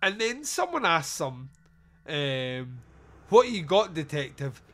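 Sweary sarcastic podcast host. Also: male voice, fairly high pitch, slow pace. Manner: sarcastic, sweary, animated storytelling. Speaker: podcast host reviewing a film. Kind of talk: casual comedic film review chat.

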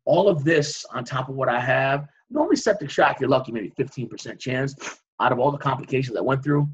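A man, a guest on an interview show, recounting a dramatic personal story with vivid, animated reenactments. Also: mid-range voice, fairly quick, husky, dull audio.

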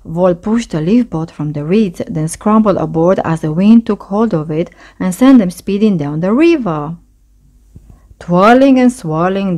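A woman reading a bedtime story aloud as storyteller, in a gentle, expressive way. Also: on the low side.

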